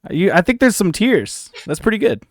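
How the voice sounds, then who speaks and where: A man's voice: sits high, very animated, moderate pace, dry recording, studio quality. A man hosting an improv comedy show in casual chat, playful, laughing often and swearing lightly, over a voice call.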